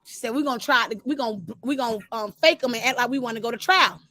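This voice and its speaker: High-voiced woman telling her story. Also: quick pace, no room sound. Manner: animated storytelling, talks straight to listeners. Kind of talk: casual testimony.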